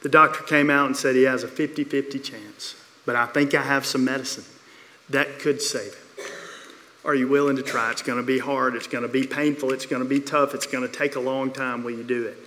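Male pastor, sermon storyteller, repeats phrases for effect, bright tone, long hall echo. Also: mid-range voice, level tone, a little fast. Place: church sanctuary. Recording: long reverb of a church hall.

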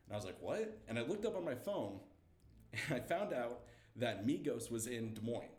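A young man telling a story as a guest, lively and laughing, acting out the quotes. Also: medium pitch, moderate pace, roomy sound. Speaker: comedian guest. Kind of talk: animated storytelling.

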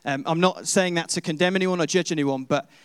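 A man's voice: on the high side, fairly quick, clear, resonant tone. A man preaching a sermon, retelling a story in the second person with rhetorical questions.

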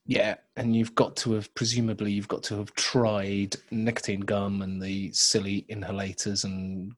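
A man's voice: lowish voice, monotone, moderate pace. A man co-hosting a podcast, chatting casually and rambling through jokes and restarts. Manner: rambling, joking, with many restarts. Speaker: podcast co-host. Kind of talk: casual chat.

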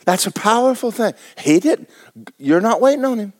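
A man's voice: sits high, lively intonation, moderate pace. A male pastor, preaching a sermon in a folksy, humorous way.

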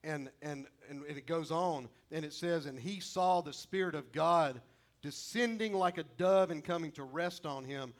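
A middle-aged male pastor delivers a sermon. His voice sits a little high for a man, and he builds to loud, emphatic peaks before falling to low, quiet asides. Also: measured pace.

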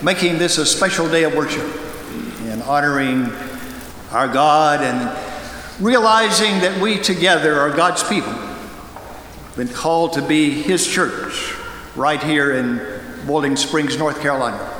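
A man delivers a sermon from the pulpit, his high, bright voice ringing through a large church sanctuary. The sound carries a long, roomy reverb from the hall. He tells stories with pointed pauses. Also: a little hiss or hum. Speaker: guest pastor.

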